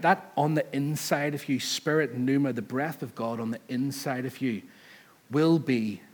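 A man delivers a church sermon in a husky voice at an ordinary middle pitch. He talks to the congregation in a chatty, conversational way and acts out the people in the scripture stories. At key points he rises to loud, emphatic peaks. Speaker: preacher. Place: church service.

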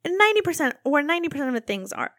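A young woman telling a long, animated story about a domestic squabble, acting out both sides of the argument. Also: high-pitched, racing, no room sound, clean studio sound. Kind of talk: casual storytelling chat.

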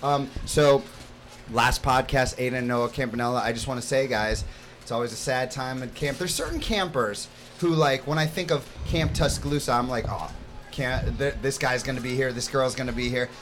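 A man's voice: mid-range voice, fairly even intonation, moderate pace, background noise. A young man hosting a casual podcast, playfully teasing and hyping up a room full of kids at a summer camp. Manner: playful, hypes up and teases the guests. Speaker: podcast host and camp counselor. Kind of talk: casual group chat with kids.

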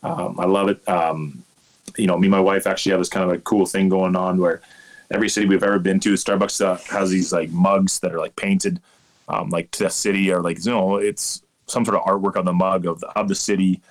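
A man in his thirties from Canada, talking in a fairly low voice as a guest in a casual interview. He rambles through stories with lots of animation and eager asides. The tone is easygoing and chatty. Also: flat delivery, fairly quick. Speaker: umpire guest.

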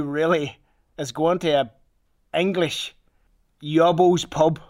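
Swearing Northern Irish storyteller. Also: male voice, a little high. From Northern Ireland. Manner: swears freely, rambling anecdote with restarts. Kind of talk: casual storytelling.

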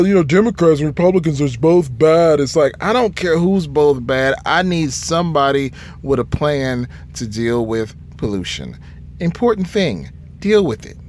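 A man's voice: fairly high pitch, slight background noise. A young man from Michigan, a truck driver vlogging, ranting to camera in a profane, frustrated way and laughing often. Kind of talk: casual rant to camera.

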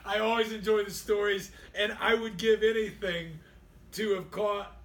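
A man's voice: high-pitched, steady tone, normal speed, a bit bright. A man hosting an interview, talking in a folksy way and quoting old sayings, heard from a distance in an echoey room. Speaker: host. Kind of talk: interview chat. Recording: distant, echoey with faint ambience.

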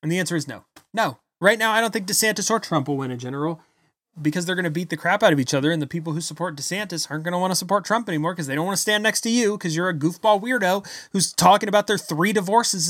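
A man giving an angry, blunt political rant, loud and insulting as he talks. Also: high voice, fast, dry recording, studio quality. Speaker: political commentator. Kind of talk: ranting political commentary.

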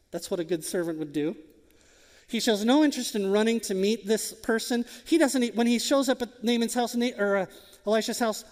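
A male pastor delivers a sermon in a high, lifted voice, pressing his points with repeated rhetorical questions. His voice rings out with a long reverb, as if filling a church hall. The delivery is emphatic and direct. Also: a little mellow.

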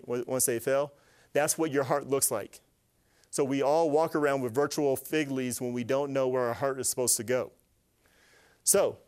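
A man giving an animated, faith-based teaching talk to a live group, asking them questions and acting out little voices. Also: medium pitch, clear, resonant tone. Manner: animated, asks the audience questions, acts out voices. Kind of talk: lively sermon-style teaching to a live group.

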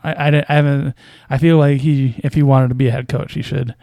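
A man's voice: medium pitch, steady tone, fairly quick, gravelly, mellow, no room sound. A man casually commenting on basketball news as a podcast host, with a hesitant, wry delivery full of fillers and small chuckles.

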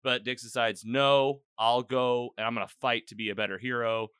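Bright-voiced man rambling through a recap. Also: mid-range voice, moderate pace, clear, resonant tone, dry recording, studio quality. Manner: rambling, animated retelling with quoted lines. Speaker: podcast host. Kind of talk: casual episode recap chat.

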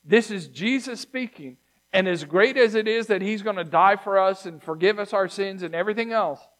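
Speaking at normal speed in a voice that sits high, a pastor addresses his congregation in a sermon. His delivery is conversational and emphatic, ranging from loud to hushed.

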